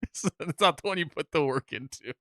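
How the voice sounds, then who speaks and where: Young man, podcast co-host, casual chat, lively storytelling, dry close sound. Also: on the high side, a little fast, dry recording. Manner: animated storytelling, acts out other people's lines.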